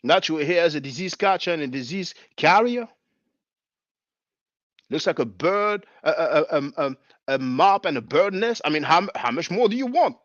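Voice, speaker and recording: A man's voice: on the high side, expressive, normal speed, a bit bright, dry recording, lo-fi sound. A man giving chatty, mocking commentary on video clips, with many fillers.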